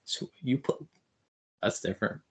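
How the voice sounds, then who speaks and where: A man's voice: normal speed, a bit bright. A man hosting a podcast interview, teasing his guest and talking loosely with repeated fillers. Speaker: podcast host. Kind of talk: casual interview chat.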